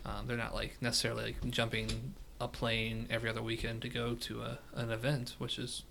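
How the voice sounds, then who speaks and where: A man chatting as a guest on a podcast, his voice bright. He talks easily, hedging with "like" and "kinda", over a faint room hum. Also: mid-range voice, a little fast, vocal fry. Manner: relaxed, hedging with fillers. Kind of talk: casual chat.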